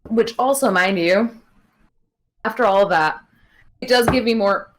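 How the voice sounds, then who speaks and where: A woman's voice: a little high, unhurried. A young woman co-hosting a podcast, chatting casually about a wrestling match with many fillers and laughs. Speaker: podcast co-host. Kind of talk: casual wrestling recap chat.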